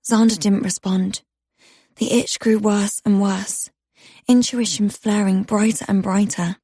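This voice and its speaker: A woman narrating a dark romance audiobook in the first person, telling it with intimate tension. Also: medium pitch, steady tone, measured pace, slightly rough, dry recording, studio quality.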